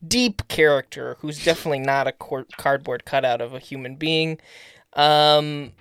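A man in his twenties, co-hosting a casual film discussion podcast in an animated way and laughing often. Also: on the high side, moderate pace, clear, resonant tone, dry recording. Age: 20s. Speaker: podcast co-host.

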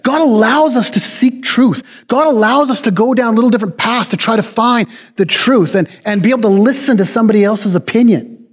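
Male pastor, high-pitched, folksy and self-deprecating, preaching to a congregation in a reverberant hall. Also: a little fast. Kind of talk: sermon.

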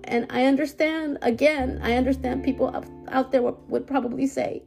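Gravelly, halting woman podcaster. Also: high voice, steady tone, darkish tone, soft background music. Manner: halting, hesitant, full of restarts. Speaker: podcast host. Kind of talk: personal podcast monologue.

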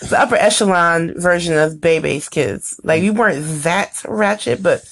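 Playful woman in her thirties with gravelly low voice. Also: unhurried. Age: 30s. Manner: animated, playful storytelling. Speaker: podcast co-host. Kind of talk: casual chat.

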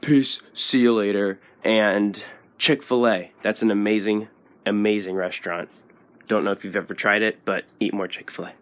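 A man's voice: fairly low pitch, steady tone, normal speed, fairly bright tone. A man leaving a recorded question for a podcast, meandering and friendly with occasional chuckles. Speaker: listener caller. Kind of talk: recorded voice message.

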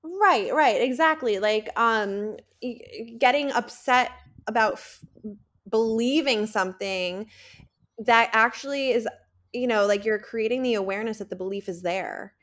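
A woman's voice: on the high side, a little slow, a bit bright. A woman with a New Jersey accent, a guest coach explaining ideas in casual, filler-heavy talk. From New Jersey, USA. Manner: rambling, filler-heavy, laughs easily. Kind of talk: casual interview chat.

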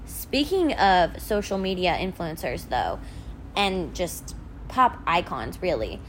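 A woman's voice: fairly low pitch, big pitch swings, slow pace, fairly bright tone, slight background noise, poor audio. A young woman co-hosting a podcast, chatting enthusiastically with frequent "um" and "like". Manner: enthusiastic, lots of likes and ums. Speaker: podcast co-host. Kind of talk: casual chat.

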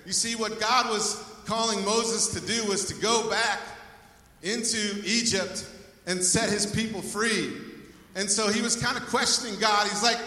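A man's voice: high voice, steady tone, a little slow, bright, forceful tone. A male pastor preaching a sermon in a church, speaking with energy and calling out to the congregation for praise. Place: church sanctuary. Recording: echoey hall, voice from far off.

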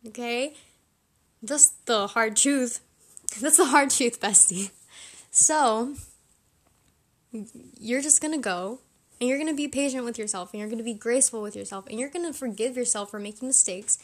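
Young woman podcast host, slightly high voice, casual chatty advice, informal delivery. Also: fairly quick. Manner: chatty, informal, with fillers and laughs.

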